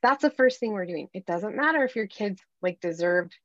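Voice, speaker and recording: Earnest female life coach, animated, dry muffled remote recording. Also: mid-range voice, moderate pace, no echo. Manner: earnest, animated, acts out little dialogues. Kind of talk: podcast interview, explaining advice.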